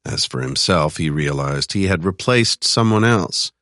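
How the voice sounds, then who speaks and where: Male thriller narrator with an extremely deep voice, recorded in a dry studio. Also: expressive, a little slow, a bit bright, dry recording. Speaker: audiobook narrator.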